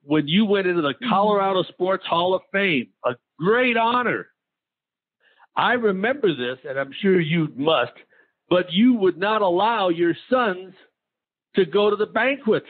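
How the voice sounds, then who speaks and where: A man's voice: sits high, lively intonation, measured pace. A man interviewing a guest, prompting him and adding details to his stories. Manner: prompting, affirming listener. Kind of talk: casual interview. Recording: tinny phone-like audio.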